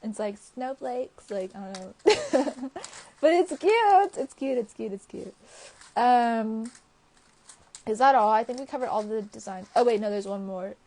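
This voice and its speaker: A young woman with a slightly high voice talks casually to her viewers on a phone livestream. She rambles and fills her sentences with filler words, laughing often between thoughts. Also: a little slow, dark tone. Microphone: phone or webcam livestream.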